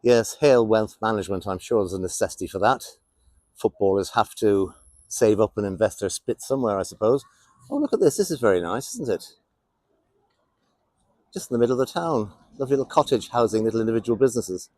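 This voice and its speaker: Lowish, animated and mellow, this English-accented man talks fairly quickly as he strolls a town outdoors for a vlog, keeping up a casual, sardonic and wry commentary. There is no room sound.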